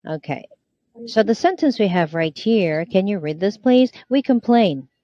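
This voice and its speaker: A woman's voice: medium pitch, lively intonation, a little slow, dark tone, dry recording, lo-fi sound. A woman tutoring English online, prompting and correcting a student with encouragement.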